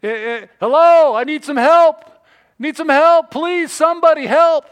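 A man voicing a panicked male climber stranded on a cliff, shouting frantically for help. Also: very high-pitched, lively intonation, fairly quick, pitched above the performer's own voice.

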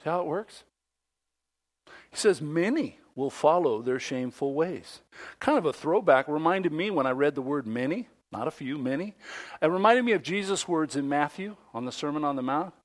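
A man preaching a sermon, acting out the voices he quotes and swinging between loud outbursts and hushed asides. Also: on the high side, expressive, brisk. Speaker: pastor.

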